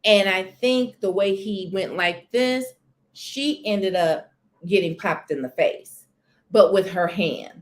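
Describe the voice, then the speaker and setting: Speaking slowly in a mid-range voice, a woman runs a relaxed live stream from a sunny window corner at home. She chats expressively about celebrity gossip and greets people in the chat by name.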